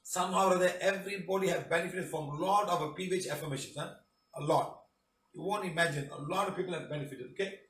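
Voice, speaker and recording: Malaysian English male healer, high-pitched, emphatic and preachy, miked from a distance in an echoey room. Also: fast, fairly bright tone. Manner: emphatic, preachy, tag questions. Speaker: spiritual healing teacher. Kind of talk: reading and commenting on testimonials.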